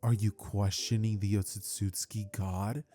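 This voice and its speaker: A man voicing a stern alien mother who speaks in a flat monotone. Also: fairly low pitch, measured pace, voice pushed down. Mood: cold.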